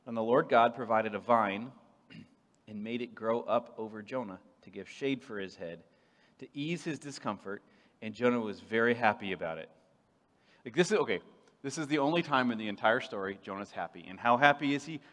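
Animated male preacher in a reverberant hall. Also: mid-range voice, normal speed. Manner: animated, playful, swings from loud to hushed. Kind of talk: sermon.

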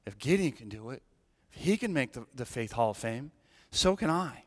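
A man's voice: medium pitch, expressive, moderate pace, long reverb tail. A man preaching a sermon as associate pastor, telling a story animatedly and checking in with "right?".

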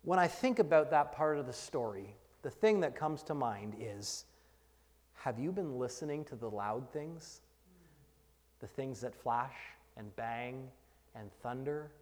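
A man preaching a sermon as pastor, moving between hushed whispers and loud shouted refrains. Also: mid-range voice, expressive, unhurried, a little hiss or hum. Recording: long hall reverb.

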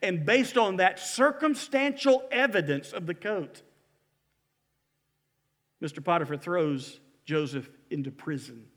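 A man preaching a sermon in a church, telling a story in an animated, emphatic way. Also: sits high, unhurried, big-room sound. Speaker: pastor. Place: church building.

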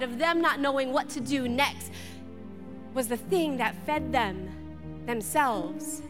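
A woman preaching a sermon, building intensity through repeated rhetorical questions. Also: high voice. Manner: impassioned, repetitive rhetorical questions. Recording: long hall reverb with faint music.

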